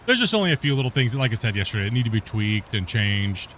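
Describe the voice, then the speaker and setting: A man's voice: fairly low pitch, big pitch swings, fast talker, fairly bright tone, slight background noise. A man streaming a game, chatting casually and rambling, often laughing and swearing, always tacking on "you know" and "right?". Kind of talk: casual gameplay chat.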